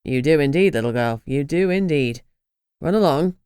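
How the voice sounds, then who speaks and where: A woman's voice: sits low, lively intonation, moderate pace, warm tone, smooth, no echo, clean studio sound, pitched below the performer's own voice. A woman voicing a smug, scheming man who talks down to others in a mocking way. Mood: gloating. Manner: mocking, condescending.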